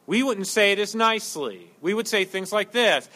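A male pastor with a high, bright voice delivers an animated sermon. He jokes with the congregation and acts out the lines of the people he talks about, swinging his voice up and down. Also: normal speed. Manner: animated, jokey preaching with acted-out quotes.

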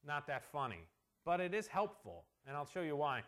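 A man with a high voice preaching a sermon as a pastor. He talks earnestly and slows down to press home the verses he quotes. He drops into quiet asides and then rises to loud emphasis. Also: big pitch swings. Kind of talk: expository sermon.

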